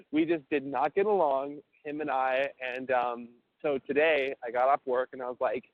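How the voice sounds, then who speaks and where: On a tinny prison phone line, a young man tells a long, rambling story in a casual call, full of fillers and swearing. His voice is medium in pitch, a little slow, with no echo.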